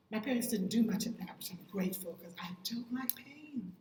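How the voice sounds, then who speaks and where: Animated woman in an echoey room. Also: a little fast, few pauses, a little hiss or hum. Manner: animated, quotes sayings with lively pitch jumps. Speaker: vlogger. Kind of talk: casual talk explaining sayings.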